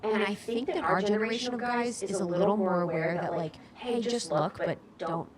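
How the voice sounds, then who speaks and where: A woman's voice: medium pitch, moderate pace, recorded from a distance, a loud crowd. A young woman co-hosting a podcast, telling stories in a chatty, laughing, slangy way. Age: young adult. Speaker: podcast co-host. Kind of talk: casual chat.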